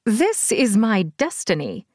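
A furious, weakened sorceress with an imperious bite, as a woman narrator voices her, pitched noticeably higher and louder than the surrounding narration. She seethes and snaps in a shrill, commanding tone. The sound is close and dry, an audiobook character voice. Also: big pitch swings, slow, no echo, full character voice. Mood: defiant.

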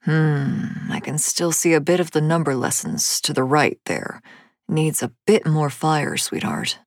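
A woman doing a calm, teasing father. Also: a little slow, no room sound, clean studio sound, heavily acted. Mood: fond. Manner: low, easy and gently amused.

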